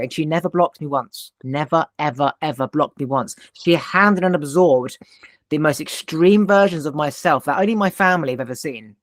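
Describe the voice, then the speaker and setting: A man's voice: on the high side, normal speed, no echo, studio quality. A man hosting a podcast, telling a personal story in an intense, emphatic way and swearing now and then. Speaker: podcast host. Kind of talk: casual conversation.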